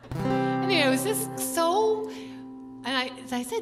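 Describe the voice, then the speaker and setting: An older woman musician chatting with her audience between songs at a concert, rambling through anecdotes with quick laughs. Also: very high-pitched, expressive, over music. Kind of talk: stage banter between songs. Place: large church venue. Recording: live concert hall with long reverb and instrument.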